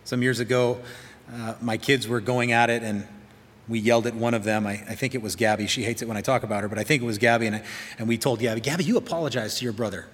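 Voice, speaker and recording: A pastor preaching a sermon, telling stories and acting out quoted lines in a softer voice. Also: male voice, medium pitch, level tone, fast. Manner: storytelling, acts out quoted lines softly. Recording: long hall reverb.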